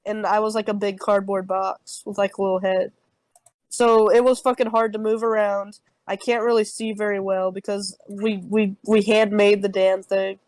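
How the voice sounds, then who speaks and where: A woman's voice: medium pitch, level tone, normal speed, a little mellow, no echo, low-quality recording. A young woman telling an improvised comic campfire story on a podcast, rambling with heavy swearing and many fillers. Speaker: podcast co-host.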